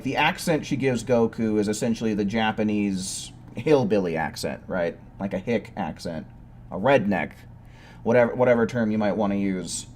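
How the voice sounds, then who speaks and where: A man's voice: mid-range voice, darkish tone. A man giving casual, rambling commentary while playing a video game, with occasional swearing outbursts. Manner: chatty, rambling, profane outbursts. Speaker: gaming streamer.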